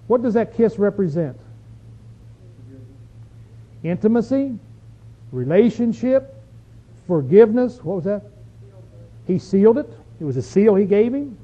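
A man's voice: high-pitched, big pitch swings, measured pace, long pauses. A man preaching a sermon in a folksy manner, reading scripture aloud with emphasis. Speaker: pastor. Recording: dull lo-fi recording.

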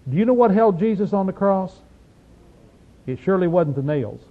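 A man's voice: high-pitched, expressive. Folksy man preaching on tinny tape. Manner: folksy, emphatic, reads verses slowly then explains. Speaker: Bible teacher. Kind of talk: informal Bible study sermon.

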